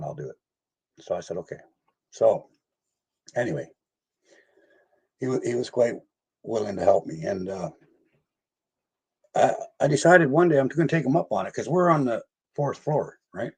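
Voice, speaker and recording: Husky older man telling stories. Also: mid-range voice, expressive, normal speed, long pauses. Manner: rambling, laughs often, acts out voices in his story. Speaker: guest paranormal investigator. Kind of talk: casual storytelling interview.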